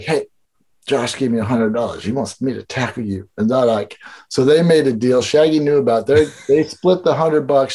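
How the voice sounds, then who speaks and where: A man's voice: a little high, darkish tone. Rambling, profane man from Illinois. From Illinois, USA. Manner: rambling, profane, heavy on filler words. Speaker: podcast guest, skatepark builder. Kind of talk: casual storytelling chat.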